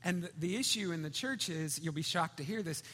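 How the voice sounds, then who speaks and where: A man preaching a sermon in a conversational, storytelling way, swinging between loud and hushed. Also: on the high side, expressive, a little fast. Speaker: pastor. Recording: reverberant hall.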